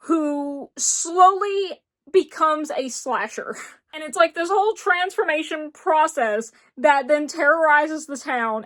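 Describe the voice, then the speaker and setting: A woman's voice: high voice, fairly bright tone. A woman in her twenties from rural Tennessee with an Appalachian accent, gushing in a casual book review chat. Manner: gushing, enthusiastic, emphatic repetition. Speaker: book vlogger.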